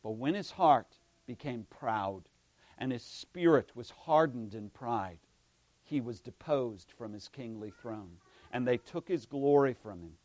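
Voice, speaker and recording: A man preaching a sermon, building to loud emphatic passages and dropping to hushed tones, often checking in with a "right?". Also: mid-range voice, animated, unhurried, no echo. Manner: preaching with swells of emphasis and sudden hushed drops; frequent "right?" asides to the congregation. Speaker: pastor.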